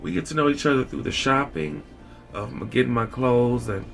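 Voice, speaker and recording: A man vlogging a candid personal story with wry dark humor, rambling and repeating his phrases. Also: mid-range voice, normal speed, vocal fry. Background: background music.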